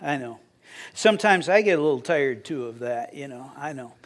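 A man's voice: mid-range voice, expressive, moderate pace. A middle-aged man preaching a sermon as pastor, conversational and joking with the congregation.

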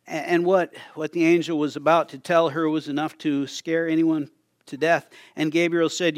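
An older man preaches a sermon in a fairly high voice, as a storyteller who chuckles along and restarts his phrases. The sound is dry and close, with no room around it. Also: level tone, moderate pace, dry recording. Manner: storytelling, chuckling, repeats words as he goes. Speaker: pastor.

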